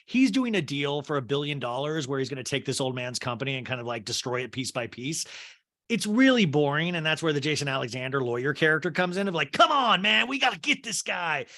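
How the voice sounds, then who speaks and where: A man's voice: on the high side, animated, a little fast, fairly bright tone. A man from Kansas hosting a comedy podcast. He rambles through a movie recap and acts out the characters' lines as he goes. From Kansas, USA. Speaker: podcast host.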